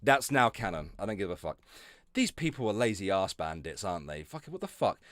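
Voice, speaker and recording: A man's voice: low-pitched, big pitch swings, a little fast, fairly bright tone, dry recording. A man streaming live, giving sarcastic, heavily profane commentary, often breaking into laughter. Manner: sarcastic, swears constantly, often laughs and trails off.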